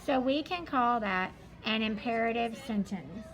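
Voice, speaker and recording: A woman's voice: fairly high pitch, animated, unhurried, rough recording. A woman elementary school teacher going over a study guide, explaining each answer patiently and step by step.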